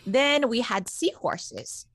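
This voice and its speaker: Animated, foul-mouthed woman telling stories. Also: on the high side, slow pace, crowd noise. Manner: animated storyteller, swears freely, keeps checking in with "okay?" and "right?". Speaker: podcast co-host. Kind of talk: casual chat.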